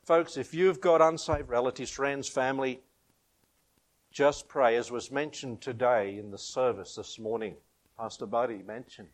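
A man preaching a sermon, chuckling often and rising and falling for emphasis. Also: medium pitch.

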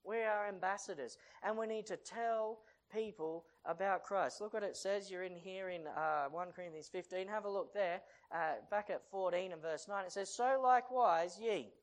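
A preacher in mid-sermon with a middling pitch, switching between reading scripture verses aloud and casual explanation. Questions are thrown at the congregation, and the delivery climbs to loud, urgent pleading. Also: poor audio. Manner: reads King James verses aloud, then explains them in chatty asides; asks the congregation frequent questions.

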